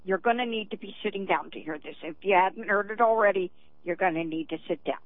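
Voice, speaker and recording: A woman's voice: medium pitch, fast. A woman calling into a radio show, speaking emphatically with hesitant ums. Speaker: caller. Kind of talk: phone-in call. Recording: tinny phone line.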